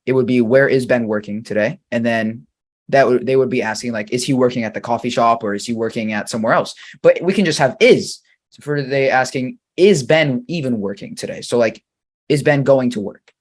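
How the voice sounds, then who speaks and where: Patient male English teacher, slow examples. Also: medium pitch. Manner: slow, deliberate reading of example sentences; patient, quizzing the viewer. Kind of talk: grammar lesson.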